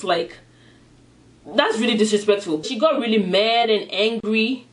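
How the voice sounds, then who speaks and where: Eating-show host, lively chatty retelling, mic a bit far off. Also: mid-range voice, a little slow. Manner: animated retelling, acting out the characters. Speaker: mukbang vlogger. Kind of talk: casual storytelling while eating.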